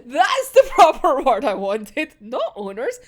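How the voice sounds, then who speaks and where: A woman's voice: high voice, huge pitch swings, takes it slowly. A young woman in casual, sweary reaction chat, giggling often as she talks. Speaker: manga reaction vlogger.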